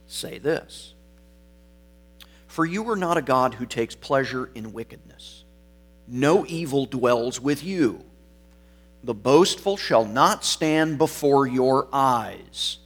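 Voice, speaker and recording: A man preaching a sermon, deliberate and emphatic, stressing single words and letting phrase endings fall quiet. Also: medium pitch.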